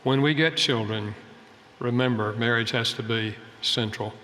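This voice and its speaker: Older man, bright folksy sermon voice. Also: medium pitch, a little slow, in a large hall, slight background noise. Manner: earnest, folksy, storytelling. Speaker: speaker on family and marriage. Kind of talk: sermon-style talk.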